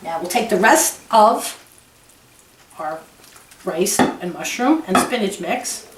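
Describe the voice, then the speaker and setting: A woman's voice: mid-range voice, animated, slow pace, slight background noise. A woman hosting a home cooking demonstration in her kitchen, chatty and gushing with exclamations. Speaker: cooking show host. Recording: echoey kitchen with the mic at a distance.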